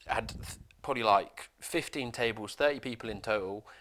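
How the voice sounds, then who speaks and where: A man's voice: fairly low pitch, moderate pace, a bit bright. A man co-hosting a podcast, telling a story in casual chat with lots of swearing. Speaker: podcast co-host.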